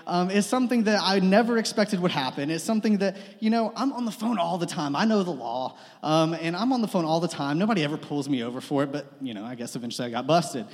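A man's voice: a little high, expressive, fast, hardly any pauses. A young man preaching a sermon, telling a funny personal story in a casual, joking way with lots of fillers. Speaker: pastor. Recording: long reverb of a hall.

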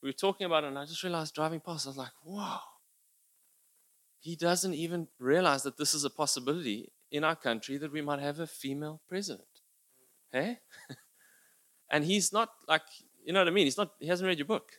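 Rambling man with a bright, tense voice. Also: a little high, quick pace. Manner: rambling, laughing between thoughts.

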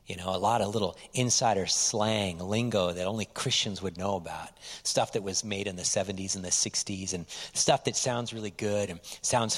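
A male pastor giving a lively, conversational sermon, often dropping to quiet asides. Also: lowish voice, long reverb tail.

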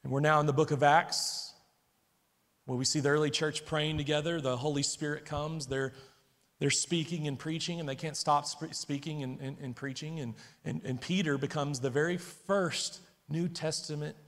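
A man's voice: on the high side, big-room sound. A man preaching a sermon, telling the story dramatically and putting questions to his listeners.

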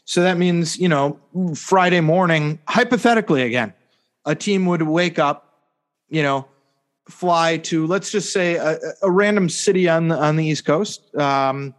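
Guy on a sports podcast, kinda high voice, rambly and sarcastic, lots of um and you know. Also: a little slow. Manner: rambling, sarcastic, repeats "hypothetically" with mock emphasis. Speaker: podcast co-host. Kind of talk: casual sports chat.

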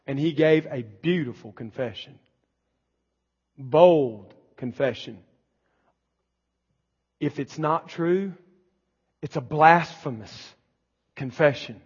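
Emphatic high-voiced preacher in a reverberant church. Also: male voice, slightly rough. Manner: emphatic preacher, swelling to shouts. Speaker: pastor. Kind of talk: sermon. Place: church sanctuary. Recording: long church reverb, dull lo-fi sound.

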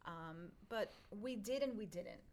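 A woman's voice: medium pitch, a little slow. A woman chatting casually, telling family stories with lots of laughter and acted-out quotes. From Long Island, New York. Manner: animated storyteller, laughs often, acts out quotes. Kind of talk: casual chat.

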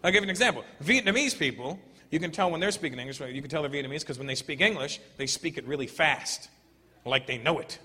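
A man doing stand-up on a club stage, his fairly high voice carrying through a long, reverberant hall. The set is loud and animated, and crowd noise sits clearly behind him. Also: fast. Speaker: stand-up comedian. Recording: roomy hall, noisy live crowd. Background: audience laughter.

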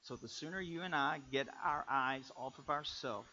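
A man, a pastor, preaching a sermon with dynamic swings from loud bursts to quiet asides. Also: a little high, moderate pace. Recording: dull lo-fi recording.

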